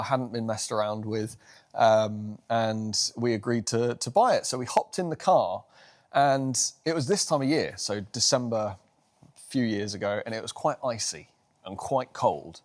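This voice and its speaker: A man in the middle of his pitch range talks to camera outdoors beside a classic car. He is chatty and enthusiastic, easily drifting into a story about how the car was bought. It is a relaxed vlog walkaround. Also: normal speed. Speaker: car vlogger.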